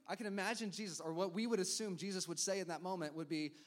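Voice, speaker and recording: Animated man preaching a sermon. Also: high-pitched. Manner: animated preaching, quick asides to the congregation, acts out crowd reactions. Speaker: pastor.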